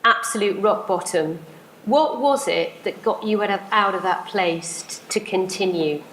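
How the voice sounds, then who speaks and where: A woman's voice: medium pitch, unhurried, slight background noise. A woman hosting an event, introducing speakers and asking questions in an upbeat presenter's manner. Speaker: event host.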